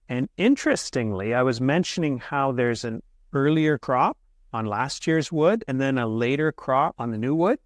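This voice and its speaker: A man explaining gardening as an interview guest, patient and steady, with small restarts as he talks. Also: mid-range voice, no echo, studio quality. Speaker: horticulturist guest. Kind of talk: casual interview answers.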